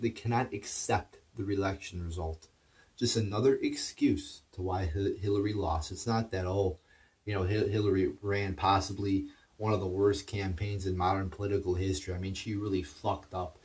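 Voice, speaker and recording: A man's voice: low-pitched, steady tone, normal speed, a little mellow, recorded from a distance. A man delivering a heated, profane political rant, stumbling over his words and restarting as he goes. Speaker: political commentator.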